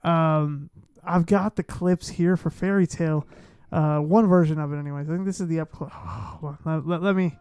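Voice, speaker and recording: A man live-streaming casually, talking to himself in a flustered way as he fiddles with his software. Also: on the high side, fairly even intonation, normal speed, hardly any pauses, clean tone, no echo.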